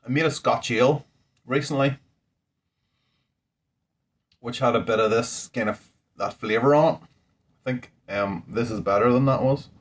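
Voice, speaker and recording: A home brewer talks casually through a beer tasting, rambling and thinking aloud indoors at home under a ring light. He has a lowish, husky voice.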